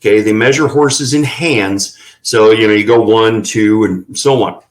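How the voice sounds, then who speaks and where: A man's voice: on the low side, a little slow, low-quality recording. A man telling folksy anecdotes in a casual interview, with plenty of fillers. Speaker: ranch representative.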